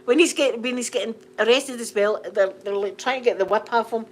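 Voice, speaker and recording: A Scottish woman telling funny stories in an animated, repetitive way, laughing along as she talks. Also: fairly high pitch, fairly quick, slight background noise. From Scotland. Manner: animated, laughing, repeats phrases for comic effect. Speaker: channel host. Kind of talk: casual storytelling chat.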